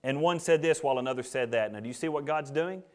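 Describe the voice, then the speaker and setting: A man preaching a sermon, acting out the characters' lines with swings between loud and hushed. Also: mid-range voice, quick pace. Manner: dramatic, acts out the characters' lines. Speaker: pastor.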